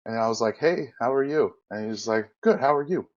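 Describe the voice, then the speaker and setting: Man, podcast guest, rambling storyteller, acts out quotes, mid pitch, slightly dull audio. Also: fairly quick. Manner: rambling, self-correcting, acts out quoted dialogue. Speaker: podcast guest, former wrestler. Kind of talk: casual storytelling interview.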